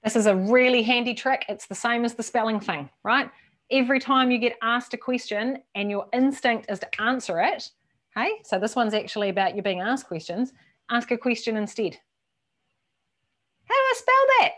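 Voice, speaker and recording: A woman giving a casual, lively workshop talk to a team, swearing now and then and acting out quoted voices. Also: on the high side, normal speed. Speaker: workshop presenter.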